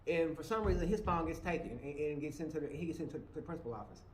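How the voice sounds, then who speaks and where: Casting note: middle-aged male co-host, earnest and repetitive, fairly high voice, roomy echo, faint hiss. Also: fast talker. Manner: earnest, repeats words when making a point. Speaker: podcast co-host. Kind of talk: casual chat. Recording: echoey room with faint noise.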